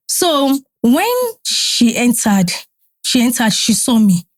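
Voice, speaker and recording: Lively Nigerian woman telling a story. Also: a little high, measured pace, no echo. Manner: animated, mixing Pidgin and Yoruba. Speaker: podcast guest. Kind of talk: casual storytelling. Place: podcast studio.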